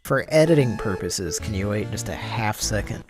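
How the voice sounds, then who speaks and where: A man co-hosting a prank-call show in casual chat, dry and deadpan. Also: lowish voice, normal speed, over music. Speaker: podcast co-host.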